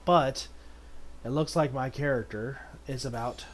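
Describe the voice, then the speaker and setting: A man streaming a video game in casual commentary, reading the game's text aloud and breaking into sudden excited outbursts. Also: mid-range voice, unhurried.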